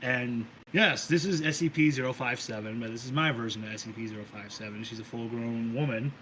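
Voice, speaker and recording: A man narrating a tabletop game as game master, in a rambling, animated way with some swearing. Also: medium pitch, fairly quick, slight background noise, low-quality recording. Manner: rambling, animated storytelling with profanity.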